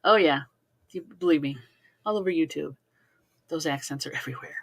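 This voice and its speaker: A woman with a Midwestern American accent, co-hosting a casual chat, playful and quick to laugh. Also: low-pitched. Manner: playful, laughs a lot, repeats words for fun. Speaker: co-host.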